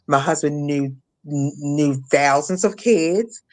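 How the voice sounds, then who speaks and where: A woman's voice: low voice, darkish tone. A middle-aged woman from Maryland speaking as an interview guest, telling a painful personal story with frequent restarts and fillers. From Maryland, USA. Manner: halting, many restarts and fillers. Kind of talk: emotional personal testimony.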